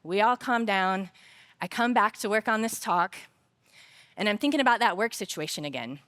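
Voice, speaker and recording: A woman's voice: mid-range voice, moderate pace. A woman speaking at a conference, giving a faith-based talk on work, telling personal stories with humor before turning earnest and reflective. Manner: storytelling, lively personal anecdotes told with humor; earnest and reflective when drawing the lesson. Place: conference stage.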